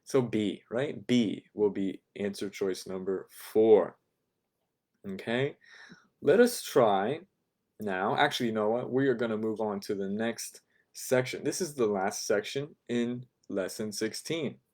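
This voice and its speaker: A man teaching a beginner language class, calmly repeating phrases for learners to follow. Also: lowish voice, measured pace.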